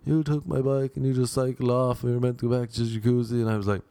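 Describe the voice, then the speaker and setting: A man's voice: medium pitch, little pitch movement, fast, warm tone, dry recording. A young Irish man telling a rambling, self-mocking anecdote in casual chat, slipping into voices for the people he quotes. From Ireland. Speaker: storyteller.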